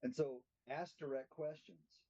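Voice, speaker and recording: A man's voice: on the high side, fairly even intonation, unhurried, warm tone. A middle-aged man teaching a church class in a plainspoken way, putting questions to the group. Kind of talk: interactive teaching talk. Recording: dull lo-fi recording.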